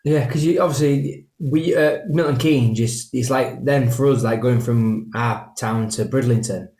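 A man's voice: mid-range voice, steady tone, measured pace, a little mellow. A man with a Yorkshire accent co-hosting a podcast, chatting casually in jokey, rambling banter. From Yorkshire, England. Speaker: podcast co-host. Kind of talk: casual chat. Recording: echoey room.

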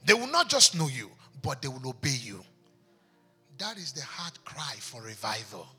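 A man's voice: mid-range voice, big pitch swings, moderate pace, bright, forceful tone, breathy edge, soft background music. A pastor preaching an impassioned sermon in a church, driving his points home with rhetorical questions.

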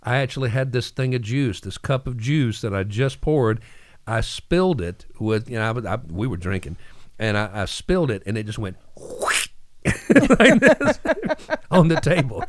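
A man hosting a morning radio show, telling stories in an animated way and acting out the voices in them. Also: fairly low pitch, normal speed, no echo, clean studio sound. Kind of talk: casual radio chat and storytelling.

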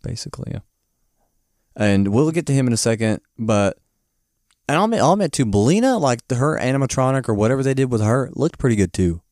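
A man of middle pitch chatting casually on a podcast about a movie. He rambles and restarts often, with animated bursts of laughter. The sound is dry and close. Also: fast, dry recording. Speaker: podcast co-host. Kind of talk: casual movie-review chat.

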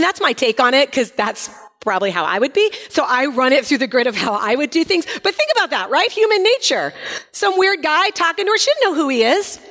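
A woman teaching a Bible passage in a chatty, animated way, acting out the quoted lines with sass. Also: high-pitched, in a large hall.

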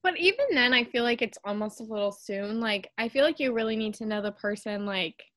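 Young female podcast host, higher pitch, chatty and advice-giving. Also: animated, fairly quick, fairly bright tone. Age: young adult. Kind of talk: casual chat.

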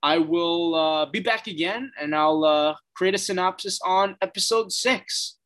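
Bright-voiced man giving a casual recap. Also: high voice, measured pace. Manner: blunt, profane, frequent fillers. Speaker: episode recap host. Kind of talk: casual spoken episode recap.

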